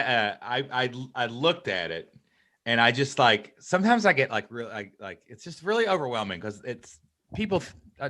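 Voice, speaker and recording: A man hosting a podcast interview, chatting casually and excitably, rambling with lots of fillers. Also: medium pitch, no echo, clean studio sound. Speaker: podcast host.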